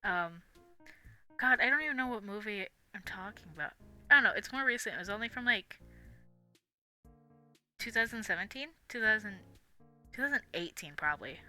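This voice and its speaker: A woman's voice: mid-range voice, lively intonation, normal speed, pauses often, pushed and bright, soft background music. A young woman live-streaming, chatting casually in a rambling, giggly way with lots of fillers. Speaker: livestream host.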